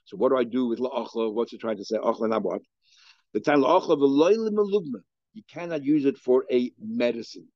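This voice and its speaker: A Talmud teacher's mellow, mid-range voice comes through with the highs cut off and no room sound. Giving his daily lecture in Yeshivish English sprinkled with Hebrew and Aramaic, he works through ideas aloud, often restarting and using fillers.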